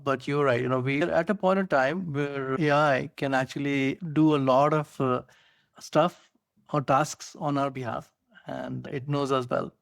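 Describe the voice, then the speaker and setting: A man's voice: medium pitch, steady tone, measured pace, gravelly, dry recording, studio quality. A man with an Indian accent co-hosting a podcast, explaining technology eagerly with many "you know" fillers. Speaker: co-host. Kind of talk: casual tech podcast chat.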